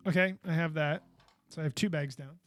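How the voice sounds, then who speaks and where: A man's voice: fairly high pitch, a little fast, slight background noise. A man hosting a live podcast, chatting casually and goofily while he builds, with frustrated outbursts. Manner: goofy, chatty, exclaims in frustration. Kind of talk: casual live-stream chat.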